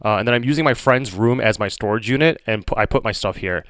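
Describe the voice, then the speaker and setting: A man streaming and chatting on a call, teasing and exasperated in a deadpan way. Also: lowish voice, quick pace, no echo, studio quality. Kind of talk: casual chat on a call while streaming.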